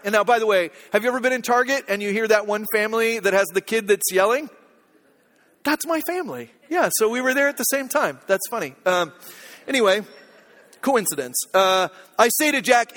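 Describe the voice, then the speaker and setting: A man's voice: high voice, lively intonation, a little fast, fairly bright tone, long reverb tail. A middle-aged male pastor preaching a sermon in a conversational storytelling manner, often checking in with listeners, in a church.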